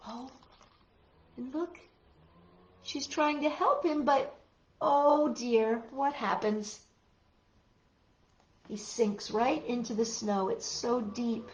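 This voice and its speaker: This storytime reader has a slightly high voice and moves slowly, leaving long pauses; the room echoes and the recording's highs are cut off. She narrates a wordless picture book for kids, expressive and curious aloud, with gentle gasps along the way.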